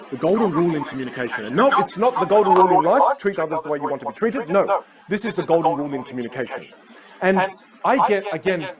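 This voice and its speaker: A man speaking as a communication coach in a live talk, energetic, emphatic and playful. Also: fairly high pitch, poor audio. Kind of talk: live motivational talk on stage. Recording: live stage with loud crowd and noise.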